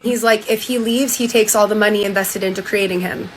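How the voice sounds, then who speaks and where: A young woman streamer casually retelling a diary, often dropping her voice low and flat for the quotes. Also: fairly quick, slight background noise, rough recording. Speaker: streamer reading a diary aloud. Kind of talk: casual reaction chat, retelling a story.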